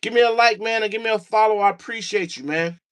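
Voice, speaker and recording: A man's voice: high-pitched, fast talker, fairly bright tone, clean tone. A man hosting a casual livestream from his basement, talking to his chat and his dog, a little out of breath. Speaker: livestream host. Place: home basement studio. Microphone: no mic, room sound.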